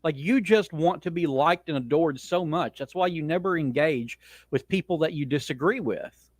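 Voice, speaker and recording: A man's voice: on the high side, normal speed, no room sound. A man hosting his own podcast, ranting in a blunt, opinionated way with frequent restarts. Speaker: podcast host. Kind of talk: casual monologue rant.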